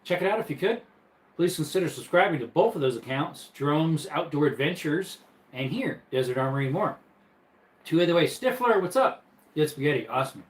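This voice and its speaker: A chatty man hosting a live stream from his bedroom, speaking a touch higher than most men. He is easygoing and laughs often while reading viewer comments aloud. The room adds a clear echo. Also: lively intonation, brisk. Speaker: livestream host.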